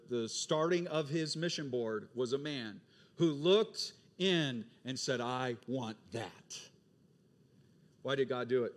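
A male pastor preaching an animated sermon, acting out the voices of the people in his stories. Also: mid-range voice.

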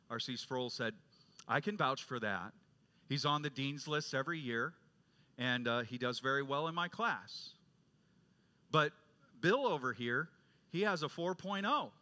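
A man preaching a sermon as pastor, moving from loud proclaiming to quiet storytelling. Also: medium pitch, normal speed. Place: church sanctuary.

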